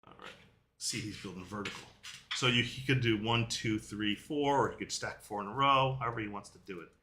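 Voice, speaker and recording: Dude showing off a board game, bright crisp tone, a bit of hiss behind. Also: male voice, fairly low pitch, a little fast. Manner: explains the rules while playing, swinging from loud to quiet. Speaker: product demonstrator. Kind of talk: product demo.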